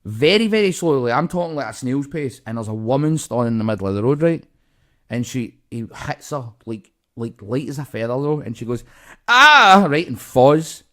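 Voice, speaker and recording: A man's voice: mid-range voice, brisk, darkish tone. A Scottish man, co-host of a comedy podcast, telling a story in casual chat, swearing a lot and acting out the voices of the people in it.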